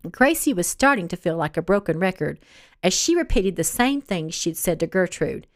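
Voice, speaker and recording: A woman reads her own novel aloud with expressive, animated narration. Her pitch rises and falls a lot, and the recording is dry and close. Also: normal speed, dry recording. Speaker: author reading her novel. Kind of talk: audiobook narration read aloud.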